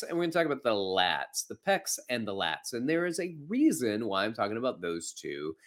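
A man's voice: on the low side, sing-song, moderate pace, few pauses, a bit bright. A man hosting a podcast and teaching anatomy in a folksy, chatty way. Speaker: podcast host and fitness instructor. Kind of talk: casual anatomy lesson.

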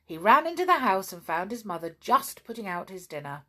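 Expressive woman reading a children's story. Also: mid-range voice, a little fast. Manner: gentle, expressive storybook delivery.

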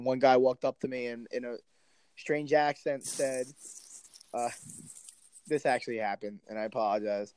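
A man's voice: medium pitch, steady tone, normal speed, darkish tone, clear, resonant tone, no echo. A man co-hosting a podcast, chatting casually and telling jokey stories full of fillers. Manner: laid-back, jokey storytelling with fillers. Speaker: podcast co-host. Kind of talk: casual chat.

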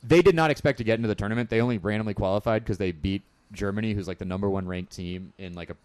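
A young man in casual podcast chat, excitedly telling stories and singing chants. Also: fairly low pitch, very fast, smooth, dry recording. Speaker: podcast co-host.

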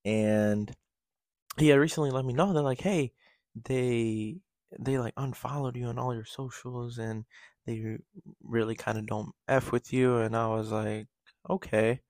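A man's voice: mid-range voice, steady tone, a little slow, darkish tone, no room sound. A man hosting his own podcast, talking candidly in a rambling solo monologue full of fillers and restarts. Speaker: podcast host.

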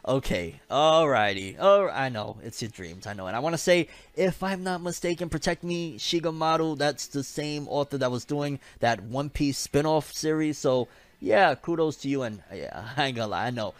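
Young male vlogger, casual manga news rundown, slangy and lively, mid-pitched, dry close sound. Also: normal speed, no room sound. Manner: animated, slangy, joking asides. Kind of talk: casual commentary vlog.

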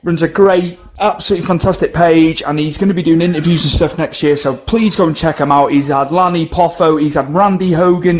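A man hosting a podcast, asking loose questions and giving shout-outs. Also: on the high side. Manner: short affirmations and loose questions. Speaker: podcast host. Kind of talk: casual interview.

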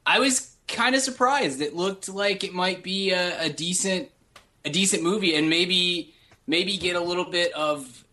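A man's voice: high-pitched, unhurried, pushed and bright. A man co-hosting a podcast in casual movie chat, rambling with many restarts. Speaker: podcast co-host.

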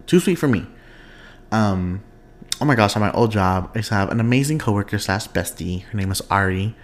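A young man hosting his own podcast in casual, expressive chat, laughing often and wandering off on tangents. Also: on the low side, a little fast. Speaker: podcast host.

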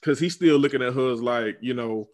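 A man's voice: medium pitch, fairly quick. A man co-hosting a podcast in casual chat, rambling with many ums and restarts. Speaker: podcast co-host. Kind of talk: casual chat reviewing a reality dating show.

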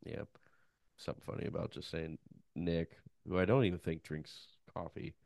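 A man's voice: moderate pace, vocal fry, a little mellow, no room sound, studio quality. A man co-hosting a podcast, chatting casually and joking. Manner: joking, breaks into high mocking bits. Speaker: podcast co-host. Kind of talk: casual chat.

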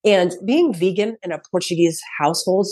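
A woman's voice: on the low side, normal speed, a little mellow, breathy edge. A comedian in her thirties, a woman, telling casual stories as a podcast guest, acting out quotes and laughing often. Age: 30s. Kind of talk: casual storytelling chat.

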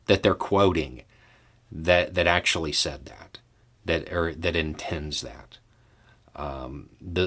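A man hosting a podcast, talking through his view in an unhurried way with fillers and restarts. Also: sits low, fairly bright tone. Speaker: podcast host. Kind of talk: casual solo commentary.

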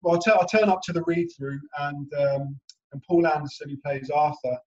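A man's voice: fairly high pitch, fairly quick, dull audio, a little hiss or hum. A young man, an actor guest, chatting casually in an interview and telling anecdotes with frequent laughs. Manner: animated anecdotal storyteller, laughing often.

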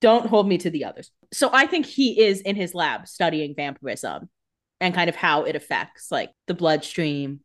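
A woman's voice: fairly low pitch, lively intonation, moderate pace. A woman co-hosting a casual podcast, joking, swearing freely and acting out exasperated reactions. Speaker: podcast co-host. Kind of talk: casual chat.

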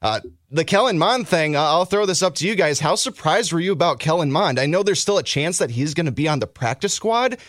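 Excitable man co-hosting a sports podcast. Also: on the high side, brisk, no room sound, clean studio sound. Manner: excitable, rambling opinions, bursts of flustered apology. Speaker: podcast co-host.

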